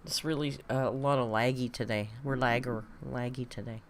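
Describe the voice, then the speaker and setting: A woman's voice: a bass voice, fairly even intonation, brisk, a little hiss or hum. A woman hosting a casual live-stream reaction, chatty and exclamatory with some swearing. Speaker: livestream reaction host.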